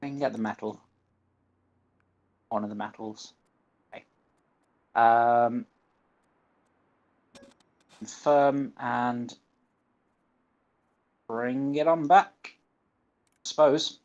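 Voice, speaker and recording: A man with a Northern English accent talks his way through a game on a livestream, unhurried and steady, half to himself as he reads out menu choices. His voice sits at an ordinary middle pitch, and the recording is a little dull and muffled. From northern England. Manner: mutters to himself, reading game menus aloud. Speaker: gaming streamer. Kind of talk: live gameplay commentary.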